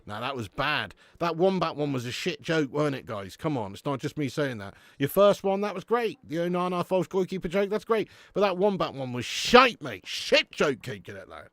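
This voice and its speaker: A man's voice: fairly high pitch, very animated, moderate pace, hardly any pauses, fairly bright tone, no room sound. A man from Dorset with a southern English accent, hosting a live stream and bantering casually with the chat, slangy, swearing and laughing. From Dorset, England. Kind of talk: casual watch-along chat reading live chat.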